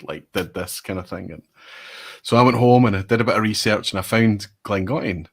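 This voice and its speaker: A man, a whisky reviewer, telling an animated, self-mocking story in casual chat over a video call. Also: lowish voice, fairly quick, gravelly. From Scotland.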